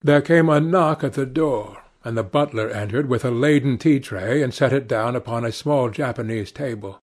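A man narrating a classic novel for an audiobook in a measured, expressive way. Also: mid-range voice. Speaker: audiobook reader.

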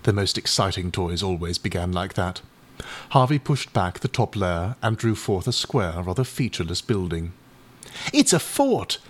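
A man reading a classic short story aloud as an audiobook narrator, in a measured, even storytelling manner. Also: low-pitched. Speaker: audiobook reader. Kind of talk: scripted narration.

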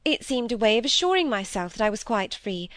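A woman's voice: fairly high pitch, sing-song, a little fast, fairly bright tone, dry recording. Woman reading as a troubled, confessing young woman. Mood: confiding. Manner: earnest, regretful, rising to indignation. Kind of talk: audiobook reading of dialogue.

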